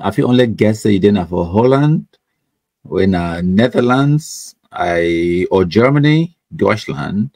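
A man's voice: on the low side, dark tone, no echo. A man with a Cameroonian Pidgin English accent, hosting a livestream and reading out viewer comments in a chatty, mocking way, laughing often and repeating words. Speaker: livestream host.

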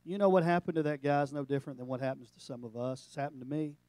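A middle-aged male pastor giving a sermon, animated and storytelling, breaking into jokes. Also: fairly high pitch, rapid-fire, no room sound.

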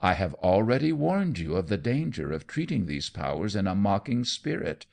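A man's voice: fairly low pitch, sing-song, moderate pace, vocal fry, a little mellow, full character voice. A man voicing a young man posing as a mystic, solemn but faltering. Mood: solemn, nervous.

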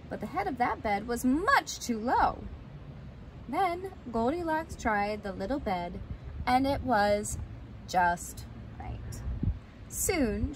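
An animated woman teacher reads a fairy tale aloud to children. Her voice is lively and rises high on the exciting parts. Clear road noise sits behind the reading. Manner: expressive, animated storytelling. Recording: noisy, with vehicle sounds.

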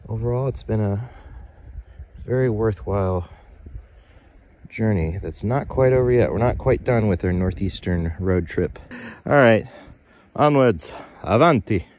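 A man's voice: on the low side, animated, measured pace, pauses often, darkish tone. A man vlogging a winter fishing trip by a lake, joking and rambling to himself as he casts. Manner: jokey, rambling, mutters to himself. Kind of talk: casual outdoor vlog narration. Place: outdoors by a pond and lake in winter.

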